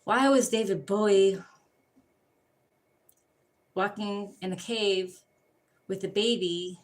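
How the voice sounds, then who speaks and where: A woman's voice: mid-range voice, slow. Rambling, profane woman reading tarot. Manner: rambling, profane, jumps between topics. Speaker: tarot card reader. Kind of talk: rambling casual livestream chat.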